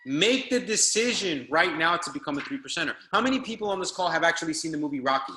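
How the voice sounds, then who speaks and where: Fired-up high-voiced male motivational coach. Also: animated, fast talker, sharp tone, echoey room. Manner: fired-up, hammering repetition, exhorting. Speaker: online business trainer. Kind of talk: motivational speech on a group call.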